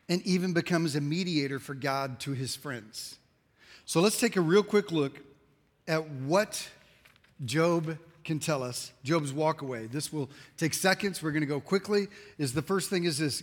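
High-voiced man preaching in a reverberant hall. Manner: emphatic, animated storytelling with quick asides. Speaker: pastor. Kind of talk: sermon.

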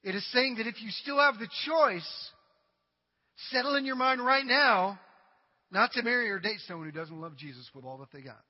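A male pastor preaching a sermon to his congregation, dramatic and humorous, swinging from loud cries to quiet asides. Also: high voice, animated, normal speed. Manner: humorous, addresses the congregation directly. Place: church sanctuary. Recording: dull recording with long hall reverb.

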